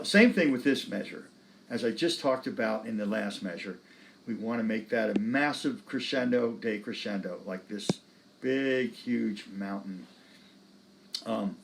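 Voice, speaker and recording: A man teaching music, talking students through sheet music in a relaxed, encouraging way and singing phrases on syllables. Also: mid-range voice, slight background noise.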